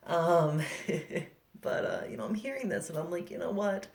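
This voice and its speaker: A young man with a high voice tells self-deprecating stand-up at home, peppering every line with likes and you-knows. He talks into a laptop on a video call, and the sound is casual and chatty. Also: sing-song, a little slow. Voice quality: high-pitched, often mistaken for a woman. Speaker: stand-up comedian. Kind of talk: stand-up set.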